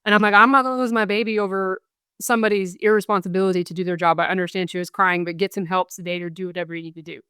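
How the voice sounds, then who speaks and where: A woman's voice: mid-range voice, steady tone, rapid-fire, pushed and bright, smooth, no echo, studio quality. A young adult woman, a guest on a podcast interview, earnestly recounting events and quoting what people said. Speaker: guest, bereaved mother.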